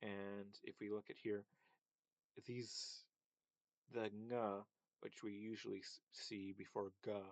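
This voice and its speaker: Low flat-voiced guy slowly explaining speech sounds, lots of ums, dry close mic. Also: no echo. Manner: hesitant, many fillers, repeats sounds to demonstrate. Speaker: linguistics presenter. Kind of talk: casual explanatory lecture.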